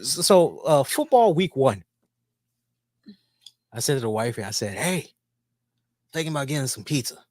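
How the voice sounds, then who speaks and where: Animated, profane man ranting. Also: mid-range voice, no room sound, studio quality. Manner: animated, heavy swearing, jokey. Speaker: podcast co-host. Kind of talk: casual profane rant.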